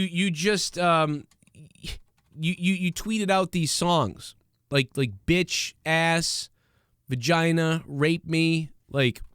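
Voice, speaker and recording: A man's voice: fairly high pitch, fairly bright tone, clear, resonant tone, no echo, studio quality. A young man hosting a podcast, ranting casually with lots of swearing, fillers and restarts. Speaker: podcast host. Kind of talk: casual comedic rant.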